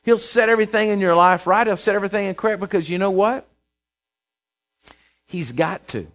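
A man preaching a sermon in a conversational way, checking in with his listeners and dropping to a soft, quiet voice for prayers. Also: high-pitched, a little fast. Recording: dull lo-fi recording.

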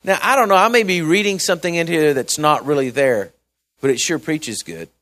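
Male pastor, slightly high voice, conversational folksy sermon delivery with loud-to-quiet swings. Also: lively intonation, fairly quick. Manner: conversational, folksy preaching with asides and repeated words; swings between loud emphasis and quiet mumbling.

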